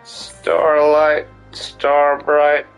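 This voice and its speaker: A man's voice: a little high, completely flat delivery, extremely slow, clear, resonant tone, soft background music, low-quality recording. A man streaming a game live, rambling goofily and talking to himself. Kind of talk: live gameplay stream chat.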